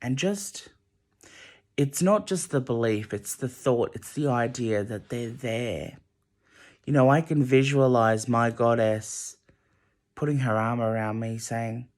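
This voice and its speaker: A young man talks to the camera late at night in a loose, rambling monologue. He sounds emotional and close to tears, stumbling and restarting his sentences as he goes. His voice sits at an ordinary middle pitch. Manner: emotional, halting, many restarts. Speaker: vlogger.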